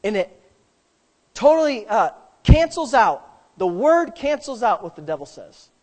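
A middle-aged man, a pastor preaching a sermon that swells from plain storytelling into loud, emphatic declarations. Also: high voice, big pitch swings, a little slow.

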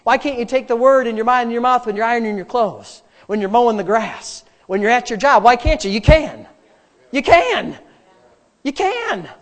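High-voiced emphatic male pastor preaching. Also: fairly even intonation, fast, few pauses. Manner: emphatic preaching with repetition, dropping to quiet prayer. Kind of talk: sermon.

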